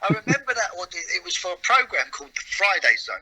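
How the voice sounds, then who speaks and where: A middle-aged comedian telling stories in a casual interview, reflective and full of hesitant restarts. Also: male voice, high voice, sing-song, fast talker, over a noisy crowd, rough recording. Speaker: comedian and comedy writer guest.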